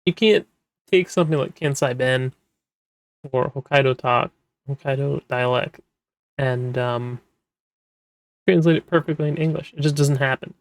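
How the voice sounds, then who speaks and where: A man talks casually, rambling and restarting often, his voice sitting at an ordinary middle pitch. The sound is dry and close, with no room echo. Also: normal speed, long pauses. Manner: rambling, with many fillers and restarts. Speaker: manga translator, podcast host. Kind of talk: casual explanatory talk.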